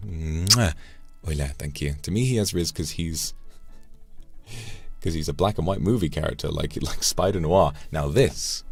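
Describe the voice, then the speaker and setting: A man chatting casually on a live stream, reflecting aloud and thanking viewers by name between thoughts. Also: very deep voice. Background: faint background music.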